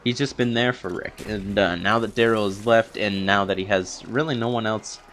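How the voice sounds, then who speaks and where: A man's voice: fairly low pitch, fairly even intonation, moderate pace, a bit bright. A young man recapping a TV episode in a long, rambling unscripted review, full of fillers and restarts. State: a little out of breath from long talking.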